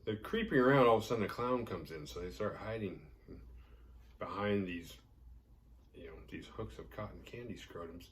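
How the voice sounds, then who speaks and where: Low-voiced man rambling through a movie recap. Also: normal speed, distant mic, slight background noise. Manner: rambling, heavy filler "like", profane and jokey. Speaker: horror movie podcast host.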